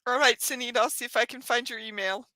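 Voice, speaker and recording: A woman hosting a live stream for her yarn craft channel, tearful and crying, talking in a halting, sighing, apologetic way. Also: fairly high pitch, steady tone, pushed and bright, no room sound.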